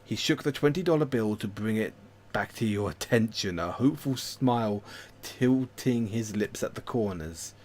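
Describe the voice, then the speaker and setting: A man streaming himself reading a story game aloud, narrating in an expressive way with self-mocking asides. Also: on the low side, moderate pace.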